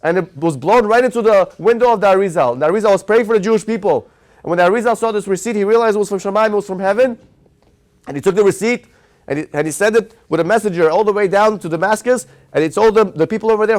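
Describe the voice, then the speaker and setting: A man, a rabbi, tells a story in a Torah class and pauses to quiz his audience. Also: sits high. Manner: animated storyteller who quizzes his audience.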